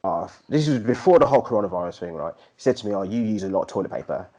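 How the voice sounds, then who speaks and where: A man chats casually as a podcast co-host, lower-pitched than most. He tells animated, slangy stories. The recording sounds dull and lo-fi. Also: very fast. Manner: animated storyteller, slangy, slips into put-on MC voices. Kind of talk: casual chat.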